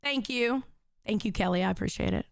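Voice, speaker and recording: A woman hosting a livestream, talking loudly and profanely as she reads out chat messages. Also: mid-range voice, fairly quick, vocal fry, no room sound, clean studio sound. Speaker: livestream host.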